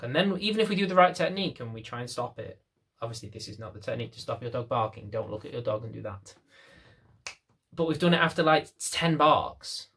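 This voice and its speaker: Male dog trainer, young, mid-pitched, talks bluntly to camera and rambles, mocking himself as he goes. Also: brisk, fairly bright tone, slightly rough. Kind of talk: casual talk to camera.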